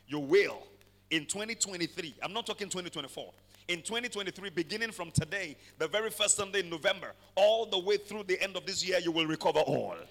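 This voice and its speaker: A man preaching a sermon, swinging from quiet passages to shouted declarations and calling for amens. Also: on the high side, big-room sound. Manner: calls for amens from the congregation. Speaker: pastor.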